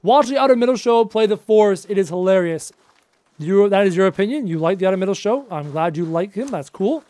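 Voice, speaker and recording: A man's voice: high voice, lively intonation, a little fast, mellow, no echo. A man in his late twenties chatting casually on a live stream while he plays, answering chat questions aloud with self-mocking jokes, his voice wearing out. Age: late 20s.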